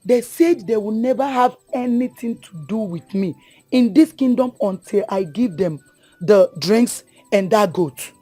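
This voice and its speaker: A man's voice: sits high, expressive, a little slow, warm tone, husky, dry recording, soft background music, full character voice. A Nigerian-accented man playing a worried, broke groom who complains about angry elders. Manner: complaining, pidgin-laced.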